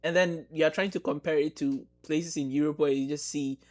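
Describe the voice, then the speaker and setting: A man's voice: fairly high pitch, steady tone, brisk, darkish tone. A man hosting a podcast in casual conversation, supportive and agreeable, often backing his guest with short affirmations. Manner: supportive, lots of mm-hmms and agreement. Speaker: podcast host.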